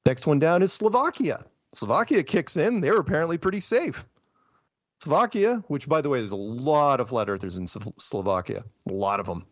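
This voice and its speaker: Animated sarcastic man hosting a show. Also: on the high side, moderate pace, dry recording. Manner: animated, sarcastic, laughing asides. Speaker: host. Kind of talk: casual news commentary. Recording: dull lo-fi sound, dry.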